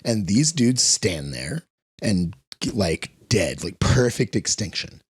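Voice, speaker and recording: A man who trains dogs, a guest on a casual interview, telling profane, animated stories and acting out the voices of the people and animals in them. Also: on the low side, slow, husky, no room sound.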